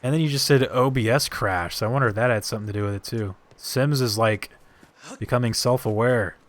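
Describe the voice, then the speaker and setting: A man's voice: medium pitch, brisk. Joking, swearing male game streamer. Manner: joking, swearing, rambling asides. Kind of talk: live gameplay commentary.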